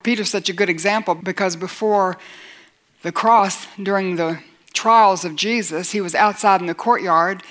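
A woman's voice: mid-range voice, moderate pace, a bit bright. A woman Bible teacher giving a sermon in an earnest voice, asking rhetorical questions and rising to emphatic points.

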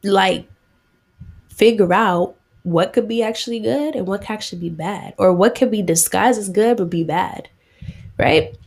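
A woman's voice: medium pitch, a little slow. A woman giving a casual, slangy sermon, retelling a Bible story in a chatty way full of 'like'.

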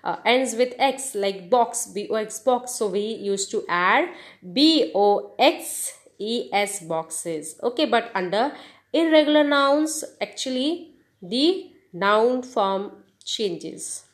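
Woman, podcast teacher, spells words letter by letter, encouraging, unhurried delivery. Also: fairly high pitch, lively intonation. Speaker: podcast host teaching English. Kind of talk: slow spelled-out grammar lesson.

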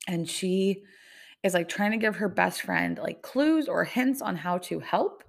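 A woman's voice: medium pitch, a little slow, vocal fry. A young woman hosting her own podcast, talking casually and rambling with lots of "like" fillers. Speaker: podcast host. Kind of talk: casual solo podcast chat.

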